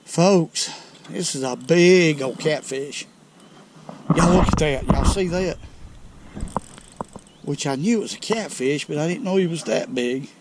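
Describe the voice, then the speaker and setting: A man with a Southern US accent hosting a fishing vlog from a lake bank, folksy and excitable as he talks straight to viewers. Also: on the high side, unhurried, long pauses. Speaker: fishing channel host. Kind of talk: outdoor fishing vlog commentary. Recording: outdoor noise behind voice.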